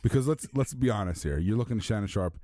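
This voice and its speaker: A man's voice: fairly low pitch, expressive, fast, dark tone, no room sound, studio quality. A man co-hosting a casual sports podcast, loose and joking, laughing often. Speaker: podcast co-host.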